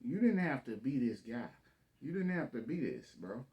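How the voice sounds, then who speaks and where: A man's voice: mid-range voice, very animated, normal speed, highs cut off, a little hiss or hum. A man giving casual reaction commentary on a debate clip, blunt, slangy and profane, talking over the clip.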